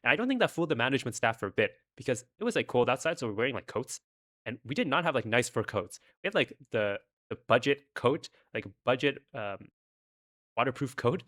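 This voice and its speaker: A man's voice: mid-range voice, very animated, fairly quick, fairly bright tone. A young man casually telling a rambling personal story, with many fillers.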